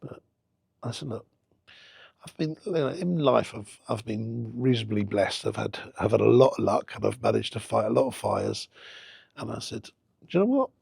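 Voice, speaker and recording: Husky gravelly man telling stories. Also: fairly low pitch, normal speed, no room sound. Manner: animated anecdote-telling, acting out quoted exchanges. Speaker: football club owner and entrepreneur. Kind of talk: casual storytelling interview.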